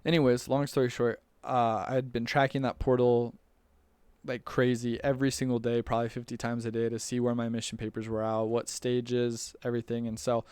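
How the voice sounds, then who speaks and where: A man's voice: medium pitch, little pitch movement, a little fast, a little mellow, smooth, no room sound. A young man casually telling a personal story, chatty and rambling with lots of fillers and restarts. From United States. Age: young adult. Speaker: returned missionary telling his story.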